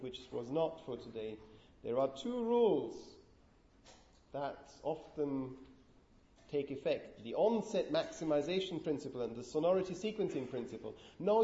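A man's voice: fairly high pitch, warm tone, lo-fi sound. Man lecturing in an echoey room. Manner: explanatory, asks the class questions. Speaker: linguistics lecturer. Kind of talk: university lecture.

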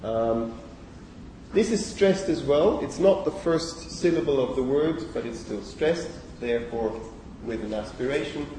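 Lecturer in an echoey hall, heard from afar. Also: male voice, medium pitch, animated, unhurried, warm tone, recorded from a distance, a little hiss or hum. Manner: thinking aloud, frequent okays and fillers, self-correcting. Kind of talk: university lecture.

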